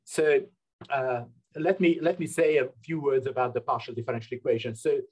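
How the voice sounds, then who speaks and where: Husky-voiced man giving a seminar lecture. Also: mid-range voice, steady tone, fairly quick, a little mellow. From United Kingdom. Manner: explains step by step with frequent uh fillers. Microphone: webinar computer mic.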